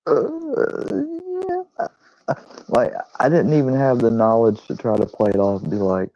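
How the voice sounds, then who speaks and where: A man's voice: fairly low pitch, a little fast, dry recording. A man hosting his own channel, telling a rambling, profane, self-deprecating story in casual chat. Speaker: channel host. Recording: dull lo-fi recording.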